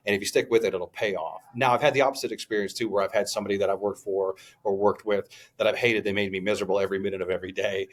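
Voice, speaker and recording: A man co-hosting a podcast who reflects on his work with clients. He talks in a loose, rambling way, full of hesitations and restarts. His voice sits a little lower than most men's. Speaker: podcast co-host and business owner. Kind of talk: casual podcast conversation.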